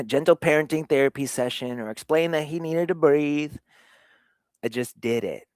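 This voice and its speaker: A man hosting a show, giving an earnest motivational talk on fatherhood, swinging between hushed and emphatic delivery. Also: mid-range voice, no room sound. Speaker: show host.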